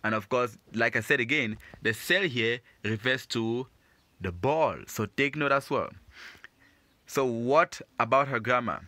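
Bright-voiced man teaching French phrases. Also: mid-range voice, unhurried, dry recording. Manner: patient, repeats and explains each phrase. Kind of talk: explaining a lesson to learners.

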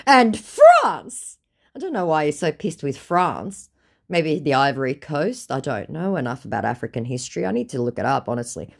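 A woman's voice: extremely low pitch, animated, fairly quick, gravelly. An Australian woman narrating a chat in a mocking, exasperated, blunt way. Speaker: scam-baiting vlogger.

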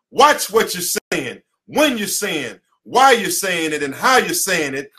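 A man's voice: high-pitched, big pitch swings, a little slow, few pauses, sharp tone. An American man, an attorney, giving an impassioned lecture at his headquarters, preachy and emphatic, repeating slogans. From United States. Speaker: attorney teaching a class. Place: his office headquarters, indoors.

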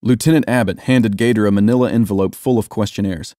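A man reading a story aloud in steady, even scripted narration. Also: fairly low pitch, quick pace, hardly any pauses, no room sound, studio quality.

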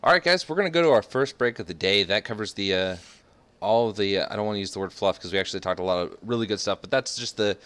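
A man with a very low voice, hosting a gaming talk show. He is direct, putting questions to the guests and laying out what comes next. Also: fast, fairly bright tone, clear, resonant tone, no room sound. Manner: direct, announces segments. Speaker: host. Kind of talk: podcast hosting.

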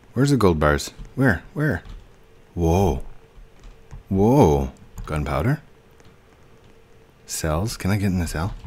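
A man with a lowish voice talks his way through a video game, playful and chatty. His pitch swings widely, and he takes his time, muttering to himself as he explores. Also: darkish tone, breathy edge. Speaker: gaming YouTuber. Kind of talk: gameplay commentary.

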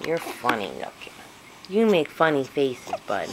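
A woman's voice: extremely low pitch, big pitch swings, measured pace, background noise. A woman, a mother filming her baby at home, coaxing him in sing-song baby talk and speaking his thoughts for him.

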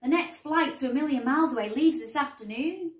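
A woman voicing a busy, distracted father who talks briskly and dismissively, in a roomy recording. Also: high-pitched, distant mic, natural voice. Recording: roomy echo.

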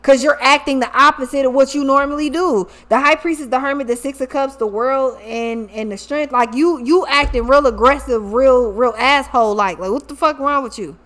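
A woman with a high voice gives a loose, casual tarot reading. She swears freely and talks in animated slang. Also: normal speed, hardly any pauses. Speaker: tarot reader.

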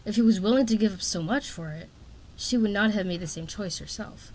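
A woman reading a fantasy novel aloud in a steady, expressive narration. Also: mid-range voice, brisk, a little hiss or hum. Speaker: audiobook reader.

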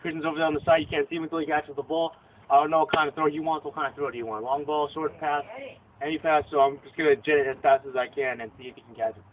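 A young man casually filming and narrating backyard football takes, joking and excited, outdoors by a house. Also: on the high side, racing. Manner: excitable, joking, announces each take. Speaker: quarterback filming backyard football with his cousin. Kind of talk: casual home video commentary. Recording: tinny lo-fi camera audio with faint hiss.

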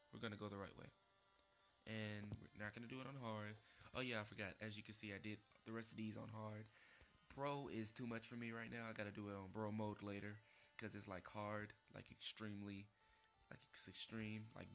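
A man hosting casual gameplay commentary, rambling with fillers and breaking into high yelps and shouts at the game. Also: vocal fry. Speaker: let's play host. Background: game music.

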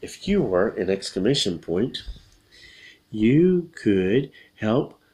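A man teaching English by reading a children's picture book aloud, explaining patiently and repeating each line, then bursting into loud acted shouts. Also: lowish voice, very animated, slow, a little hiss or hum.

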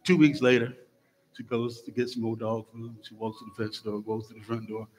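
A middle-aged male minister warms up his congregation with funny stories before he preaches, chatty and playful at a medium pitch. His voice fills a large sanctuary with a long reverb hanging after each phrase. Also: a little fast, a little hiss or hum. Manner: lively storytelling, jokes with the congregation. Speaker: guest minister. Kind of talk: sermon with humorous stories. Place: church sanctuary. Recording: long church hall reverb.

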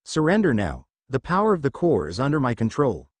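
A man voicing a cold, arrogant male android conqueror in a fan story reading, slow and proclaiming, with a lively pitch. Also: no echo.

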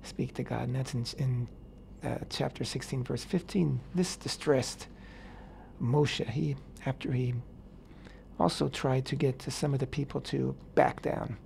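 A man on a radio talk show explaining a Bible passage in a casual, animated way, acting out the characters' words in paraphrase. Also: medium pitch, a little slow, creaky, slight background noise. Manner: animated, acts out quotes in paraphrase, many fillers. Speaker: radio host teaching the weekly Torah portion. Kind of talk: casual Torah discussion on radio.

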